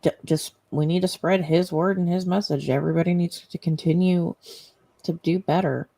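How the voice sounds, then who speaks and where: A man's voice: fairly high pitch, fairly even intonation, moderate pace, vocal fry, warm tone. A man talking earnestly and emphatically on a live stream. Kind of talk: casual live-stream talk.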